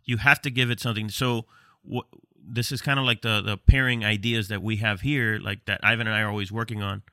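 A middle-aged man from the United States co-hosting a cigar and beer pairing show, chatting casually with quick asides. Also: fairly low pitch, steady tone, bright, forceful tone, dry recording. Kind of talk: casual chat.

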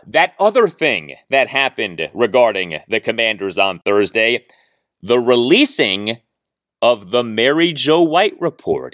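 A man's voice: expressive, unhurried, fairly bright tone, dry recording, studio quality. Emphatic man hosting a sports podcast. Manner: emphatic, sarcastic swings into high pitch. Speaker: podcast host. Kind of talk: solo sports podcast monologue.

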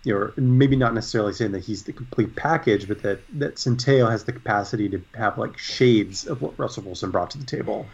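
Husky low-voiced man, measured co-host. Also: a little mellow. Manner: measured, thoughtful, hedging. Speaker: sports podcast co-host. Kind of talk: casual sports talk. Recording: dull lo-fi sound.

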